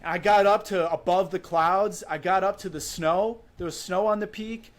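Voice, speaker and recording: A man's voice: high voice, normal speed. A man in his twenties from Wisconsin, a podcast guest vividly telling a story in a casual way, often using "like" and "you know". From Wisconsin, USA. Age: 20s. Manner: animated, vivid recounting with frequent "like" and "you know".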